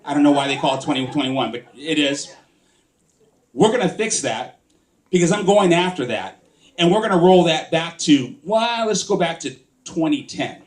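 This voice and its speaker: A man's voice: a little high, expressive, normal speed. A man, a political candidate, giving an impassioned campaign speech and firing rhetorical questions at the crowd.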